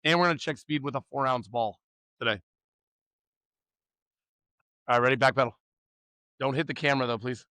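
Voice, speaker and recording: A man coaching young pitchers through a warm-up, loud and upbeat, teasing the players between drills. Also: brisk, long pauses, no room sound.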